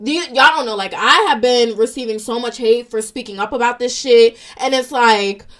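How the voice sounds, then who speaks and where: A woman's voice: fairly high pitch, normal speed, a bit bright. A young woman ranting in a casual vlog, emotional and frustrated as she talks to her followers. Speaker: social media commentator.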